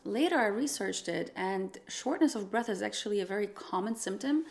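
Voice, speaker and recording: A woman's voice: mid-range voice, animated, normal speed, creaky. A pregnant young woman, a singer-songwriter, talking openly and earnestly to camera in a casual vlog, going through a numbered list. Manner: earnest, open and chatty, reading list items aloud.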